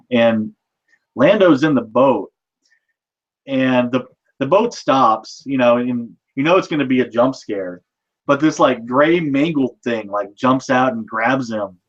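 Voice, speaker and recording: A man guest in a casual movie chat, relaxed and chuckling, often repeating words as he goes. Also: medium pitch, highs cut off.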